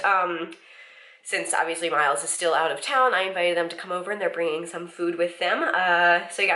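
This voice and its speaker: A woman's voice: on the low side, gravelly, a bit bright, echoey room. A woman chatting casually to the camera in a daily home vlog, a bit out of breath, rambling and laughing often. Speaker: vlogger. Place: home, indoors. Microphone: handheld vlogging camera.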